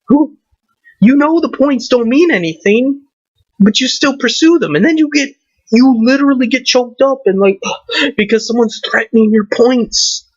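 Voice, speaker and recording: A man's voice: sits high, no echo. A man ranting and swearing to camera, firing off rhetorical questions. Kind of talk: profane rant to camera. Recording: dull lo-fi recording.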